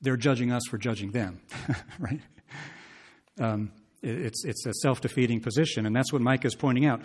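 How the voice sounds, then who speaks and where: A man's voice: medium pitch, normal speed, slightly rough. A man preaching an expository sermon, talking conversationally, asking his listeners questions and reading scripture aloud with rising emphasis.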